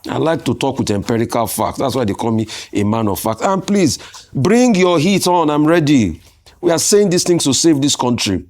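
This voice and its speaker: A man's voice: a little high, animated, a little fast, a little mellow. A man with a Nigerian accent, arguing emphatically as a political commentator on a studio talk show. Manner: emphatic, argumentative, rhetorical questions.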